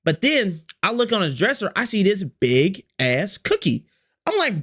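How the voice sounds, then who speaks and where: A man spinning a storytime for his chat with a swooping, animated voice. He talks in loose slang, swears freely and doubles back on his own phrases while acting out each quote. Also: high voice, measured pace, breathy edge. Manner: slangy, profane, repeats phrases, acts out quotes. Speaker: storytime vlogger.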